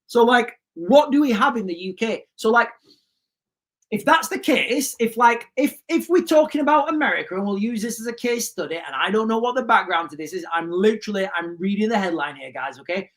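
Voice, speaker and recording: A man's voice: sits high, lively intonation, brisk, a bit bright. A man hosting a livestream, ranting emphatically, repeating himself and putting questions to his viewers. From United Kingdom. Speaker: livestream host.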